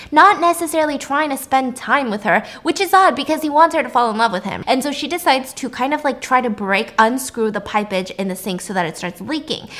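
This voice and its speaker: A young woman casually retelling a film's plot, animated and jokey, acting out the characters' lines. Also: a little high. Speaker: storyteller recapping a film. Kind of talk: casual chat.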